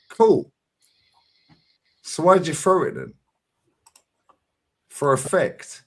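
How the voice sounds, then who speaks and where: A man's voice: on the high side, very slow, long pauses. A middle-aged man, arguing hard on a fan livestream and pushing each point with a challenging "yeah?". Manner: combative, emphatic, constant "yeah?" tags. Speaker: fan channel streamer. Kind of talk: heated livestream debate.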